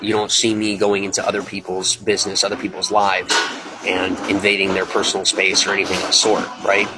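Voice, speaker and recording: A man's voice: low-pitched, completely flat delivery, fairly quick, loud music behind the voice, poor audio. A man talking at length on his own live stream, earnest and rambling with many restarts and fillers. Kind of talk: casual live stream monologue.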